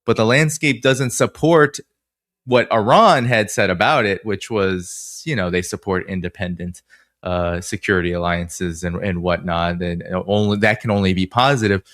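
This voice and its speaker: A man's voice: low-pitched, normal speed, a bit bright, dry recording, studio quality. A man with a Boston accent who interviews the guest, asking long, winding questions full of fillers and hesitations.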